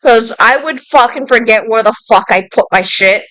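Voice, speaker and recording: A young woman streaming a story game, reading it aloud and rambling about it in a profane, excitable way. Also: fairly high pitch, moderate pace, low-quality recording. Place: indoor room with a fan running. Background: loud music.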